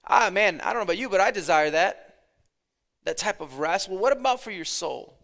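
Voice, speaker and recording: A pastor in his thirties giving a conversational sermon, dropping his voice low and then swelling for emphasis. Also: lively intonation, brisk, gravelly, fairly bright tone.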